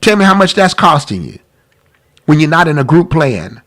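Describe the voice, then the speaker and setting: A man's voice: on the high side, sing-song, normal speed, a bit bright. A man hosting a live-streamed talk about money, congested from a cold, earnest and pleading, repeating himself. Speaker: podcast host.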